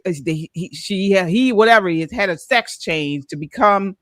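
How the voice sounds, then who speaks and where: A middle-aged woman hosts a casual commentary chat in an earnest tone, her pitch swinging widely as she talks. She often stumbles and restarts her phrases. The sound is dry and close. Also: lively intonation, normal speed, dry recording. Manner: earnest, many restarts and repeated words. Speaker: host.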